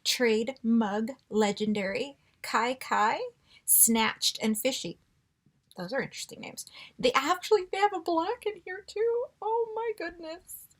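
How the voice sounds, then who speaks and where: A woman vlogger chatting casually through a beauty box unboxing, gushing and excitable with frequent gasps. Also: on the high side. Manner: gushing and excitable, gasping often.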